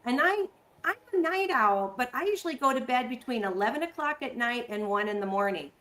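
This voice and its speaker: High-voiced excitable woman host. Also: fairly quick, low-quality recording. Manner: excitable, chatty. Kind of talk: casual interview chat.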